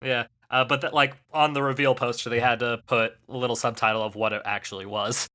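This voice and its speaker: A man's voice: medium pitch, level tone, fairly quick, sharp tone. A man co-hosting a podcast in casual comedic chat, joking and improvising sing-song ditties. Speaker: podcast co-host.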